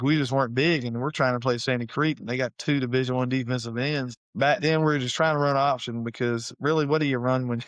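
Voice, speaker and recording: A middle-aged man tells coaching stories in an easygoing, animated, folksy way. His voice sits at an ordinary middle pitch for a man. The recording is dry and close, with almost no room sound. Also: no room sound. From Savannah, Georgia, US. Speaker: high school head football coach, guest. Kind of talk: casual storytelling interview.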